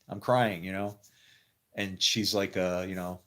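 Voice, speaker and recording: A middle-aged man telling a personal story in a casual, rambling way, often laughing and acting out what people said. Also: deep voice. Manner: rambling, animated, quick to laugh and quote people. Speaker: actor telling his faith story.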